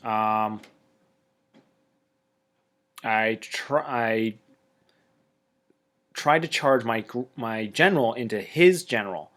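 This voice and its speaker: Man, casual battle report, chatty, excitable, jokey asides. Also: mid-range voice, slow pace, pauses often. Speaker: tabletop wargame player.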